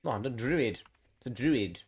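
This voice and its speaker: A man's voice: medium pitch, lively intonation, moderate pace, slightly rough. A man giving sarcastic, exasperated running commentary while streaming a game. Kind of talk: live gameplay commentary.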